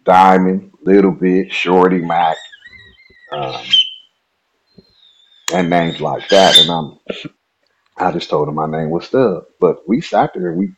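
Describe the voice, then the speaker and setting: A man from Nebraska, a podcast guest, telling a personal story in a relaxed, chatty way and laughing at himself. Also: deep voice, creaky, husky, dull audio. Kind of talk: casual storytelling.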